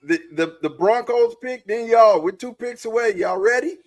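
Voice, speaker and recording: A man co-hosting a live sports podcast, energetic and hyping up the group. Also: very high-pitched, normal speed. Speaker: podcast co-host. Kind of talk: casual sports chat.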